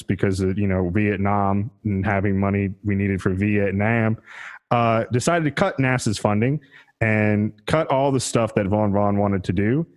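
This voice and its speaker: A man co-hosting a podcast, telling history in a casual, profane, rambling way and laughing at his own jokes. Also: lowish voice. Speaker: podcast co-host. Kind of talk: casual comedic history chat.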